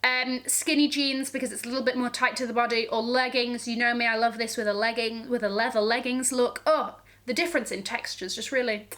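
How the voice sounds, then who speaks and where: A woman's voice: a little high, steady tone, a little fast, few pauses, a bit bright. A woman vlogging about fashion, sassy and gushing, full of slang and frequent "okay?" check-ins. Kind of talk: casual to-camera fashion chat.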